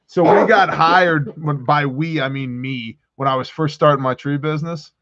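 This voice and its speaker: A man with a raised, fairly high voice tells a long, animated story. He laughs easily and slips into other people's voices. The audio is muffled and lo-fi, like a livestream. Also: normal speed. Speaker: prepper channel host.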